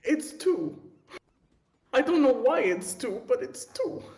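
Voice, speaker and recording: A man's voice: very high voice, sing-song, slow pace, a little mellow. A man playing in a tabletop game, chatting casually and playfully, often giggling. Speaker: player. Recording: roomy echo.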